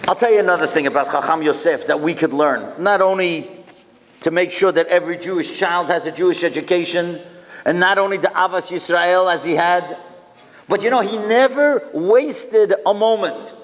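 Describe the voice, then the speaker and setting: A male rabbi with a fairly high voice telling a story to a room of listeners. He keeps the crowd engaged with rhetorical questions and drops Hebrew and Yiddish words into his speech. His voice carries a long hall reverb. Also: a little fast, a bit bright. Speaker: rabbi and lecturer.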